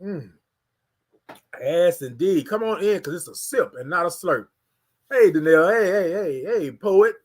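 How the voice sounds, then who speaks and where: A man from Houston hosting a casual morning livestream, greeting viewers and hyping up the chat. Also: high-pitched. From Houston, Texas. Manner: energetic, hypes the chat, drawn-out sung greetings. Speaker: livestream morning show host.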